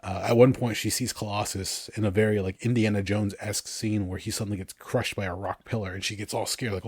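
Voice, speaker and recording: A man with a fairly low voice talks casually on a podcast, telling lively stories and often laughing. The sound is dry and close, with no room echo. He is in his thirties. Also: a little fast, slightly rough. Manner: animated storytelling, laughs often. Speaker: podcast co-host.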